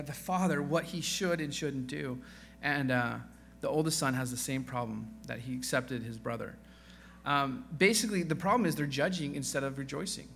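A man's voice: a little high, vocal fry, a bit bright. A man preaching a sermon as pastor in a conversational way, with joking asides and acted-out quoted voices. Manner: self-deprecating joking asides.

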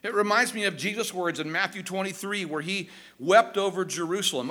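A man's voice: sits high, brisk, few pauses, bright, forceful tone. A man preaching a sermon, earnest and at times passionately pleading as he reads and explains scripture.

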